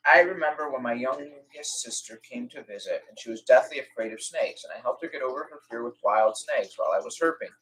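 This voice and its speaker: A young man with a bright, forceful voice hosts a casual live-stream Q&A. He talks in a chatty way and acts out little conversations in lively quoted voices. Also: mid-range voice, brisk, hardly any pauses, low-quality recording. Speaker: reptile rescue host.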